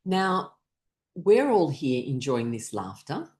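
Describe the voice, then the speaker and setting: A woman teaching a laughter exercise class, her instructions broken up by loud bursts of rhythmic laughter. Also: low-pitched, normal speed, reverberant. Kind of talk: guided laughter exercise session.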